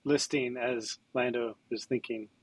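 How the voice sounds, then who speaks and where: A man on a casual comic-book podcast, speaking in a thoughtful, hesitant, measured way. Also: mid-range voice, steady tone, slightly rough, dry recording, poor audio.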